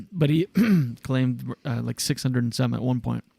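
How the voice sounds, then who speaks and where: A man's voice: mid-range voice, a little slow, vocal fry, dark tone, slightly rough, no room sound. A man hosting a casual podcast chat, telling a long story with lots of fillers. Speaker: show host.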